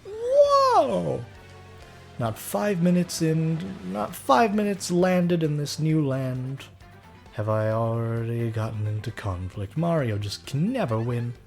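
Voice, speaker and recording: A man's voice: medium pitch, unhurried, darkish tone, faint music behind. Wry man commenting over gameplay. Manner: dry, wry asides. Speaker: let's play host.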